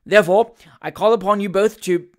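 A reader voicing a pompous, blustering male magistrate in an audiobook, speaking loudly, sharply and pettishly. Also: medium pitch, a little fast, lightly acted. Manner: loud, peremptory and pettish. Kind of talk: audiobook character voice.

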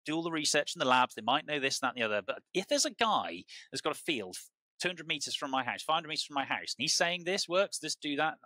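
Bright, animated British man telling stories. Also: on the high side, fast talker, no room sound, rough recording. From United Kingdom. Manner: rambling and animated, with many restarts and repeated words. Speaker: truffle grower, podcast guest. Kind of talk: casual conversational storytelling.

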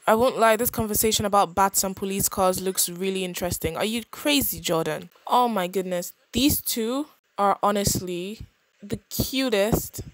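Young woman chatting thru her sims game, lots of quick reactions, dry close mic. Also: mid-range voice, no room sound. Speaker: gaming channel host. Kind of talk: casual game commentary.

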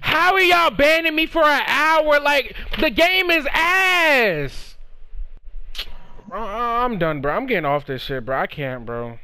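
A young man streaming a video game, yelling, cursing and trash-talking over and over as he rages. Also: extremely high pitch, animated, slow, a little hiss or hum. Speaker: gaming streamer. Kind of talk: raging gameplay commentary.

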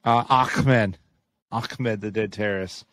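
A man's voice: on the low side, steady tone, fairly bright tone. Rambling guy on a casual podcast. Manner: rambling, halting, frequent restarts and swearing. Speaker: podcast co-host. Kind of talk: casual chat.

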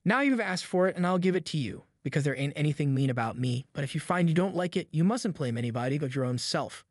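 A mischievous young boy , put on by a male narrator, pleads innocence in a cheeky, raised voice. He sounds sly and quick with excuses. The recording is dry and close, like a storybook reading. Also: on the high side, expressive, dry recording.

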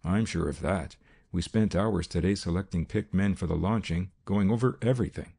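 A man voicing a booming, blustering businessman in an audiobook. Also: normal speed, creaky, warm tone, slightly rough, exaggerated voice. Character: booming, deep-voiced older businessman.

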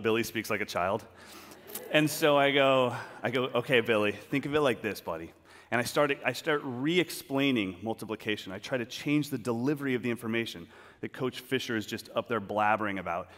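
A man's voice: mid-range voice, a little fast. A man giving a storytelling talk on a large auditorium stage, acting out scenes as he goes. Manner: animated, acts out scenes. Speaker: speaker at a talk. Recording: long reverb of a large hall.

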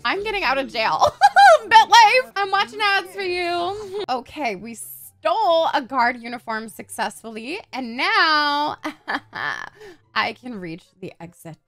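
Her voice is high and her delivery slow as this young female YouTuber talks casually over a let's-play. She gets excited easily, swears freely, and breaks into dramatic outbursts.

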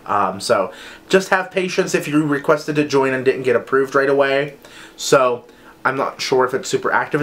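A young man with a fairly high, slightly bright voice chats casually to camera while reviewing wax melts. He rambles, filling his talk with "like" and "um".

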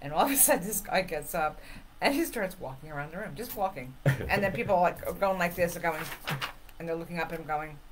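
A middle-aged woman with a somewhat low voice tells stories in a casual chat, animated and quick to laugh. She acts out the people she quotes. A faint hum sits under her voice.

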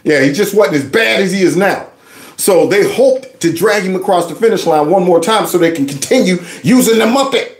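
A man's voice: high voice, animated, a little fast, roomy sound. A man hosting a reaction commentary, laughing and sarcastic as he mocks a clip. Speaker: host.

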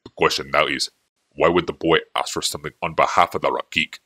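Guy putting on a deep scheming chief, low and cold, bright edge. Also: steady tone, brisk, dry recording, studio quality, heavily acted. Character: shrewd, menacing older male chieftain.

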